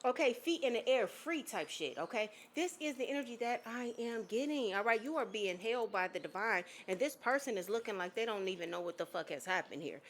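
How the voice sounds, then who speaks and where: A woman's voice: fairly high pitch, lively intonation, a little fast, few pauses, slight background noise. A woman giving a spiritual reading to an unseen viewer, emphatic and blunt, swearing casually and checking in again and again with "okay?". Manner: emphatic, keeps checking in with "okay?" and "all right?". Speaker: psychic reader.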